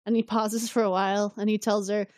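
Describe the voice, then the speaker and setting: A woman's voice: medium pitch, little pitch movement, brisk, darkish tone, dry recording, clean studio sound. A woman co-hosting a casual recap podcast, laughing often and acting out characters' lines as she retells the plot. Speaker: podcast co-host.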